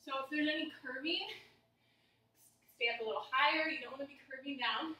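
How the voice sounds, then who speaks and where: A woman's voice: high-pitched, brisk, sharp tone. A woman leading a workout class, out of breath as she exercises, cheering the class on. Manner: encouraging, breathless while exercising. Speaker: fitness instructor. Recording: very echoey room, mic at a distance.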